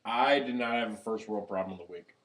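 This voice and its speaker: A man co-hosting a casual podcast, animated and profane, who has the hiccups. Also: lowish voice, fairly quick. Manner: animated, swears freely, gets loud when worked up. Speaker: podcast co-host.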